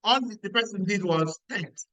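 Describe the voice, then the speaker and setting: A middle-aged man with a Nigerian accent gives a motivational talk at a weekly meeting. His voice sits high and sounds bright and forceful as he repeats himself and throws questions at the audience. The sound is dry and close. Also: expressive, normal speed, dry recording, low-quality recording. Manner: emphatic, repeats lines, asks the audience questions. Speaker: business mentor.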